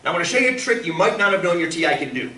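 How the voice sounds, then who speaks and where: A man teaching a statistics class, animated and full of questions for his students. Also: high voice, racing. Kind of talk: classroom lecture. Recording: roomy, from far off, faint room noise.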